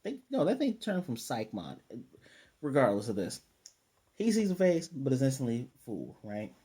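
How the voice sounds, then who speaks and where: Mellow-voiced man ranting through a recap. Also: medium pitch, wildly swooping pitch, moderate pace, slightly rough. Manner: rambling, exasperated commentary. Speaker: anime episode reviewer. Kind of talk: casual spoken episode recap and review.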